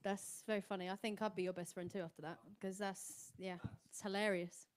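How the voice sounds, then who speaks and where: A woman's voice: medium pitch, level tone, brisk, clean tone. A woman singer co-hosting a livestream, chatting in a bubbly, upbeat way. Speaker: singer and co-host. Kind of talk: casual livestream chat.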